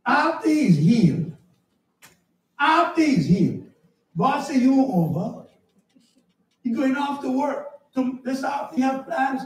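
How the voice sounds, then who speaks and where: A man preaching a sermon as pastor, animated and storytelling, sometimes shouting. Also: very high voice, measured pace, long pauses. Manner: animated, shouting at times, storytelling with acted dialogue. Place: church. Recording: echoey church hall, mic at a distance. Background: congregation answering.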